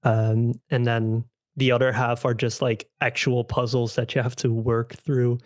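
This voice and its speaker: A man's voice: medium pitch, flat delivery, a little slow, dry recording, studio quality. A young man chatting on a podcast as returning guest host, rambling with many fillers. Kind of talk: casual podcast chat.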